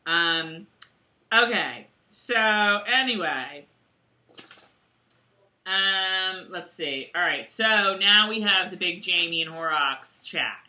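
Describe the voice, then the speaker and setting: A woman's voice: on the low side, animated, slow, bright, forceful tone. A woman co-hosting a casual chat show, giggling often and slipping into playful put-on accents. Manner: giggly, slips into playful mock British accents. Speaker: podcast co-host.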